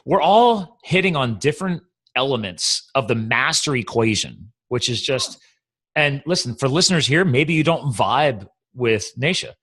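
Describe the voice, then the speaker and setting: A man's voice: medium pitch, expressive, fairly bright tone, husky. Enthusiastic male podcast host. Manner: enthusiastic, talks in quick bursts with restarts. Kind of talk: casual podcast conversation.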